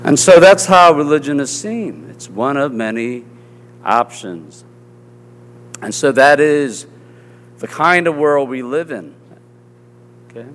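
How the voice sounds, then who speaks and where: A man's voice: on the high side, expressive, slow pace, pauses often, fairly bright tone, long reverb tail. A man with a Southern US accent preaching a sermon as pastor, earnest and conversational, often checking in with his listeners.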